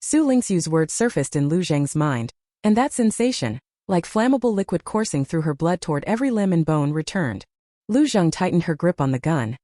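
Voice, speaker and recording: A woman narrating a web novel in a steady, scripted storytelling voice, with light changes for the characters' lines. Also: fairly low pitch, moderate pace, dry recording, studio quality. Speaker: audiobook narrator.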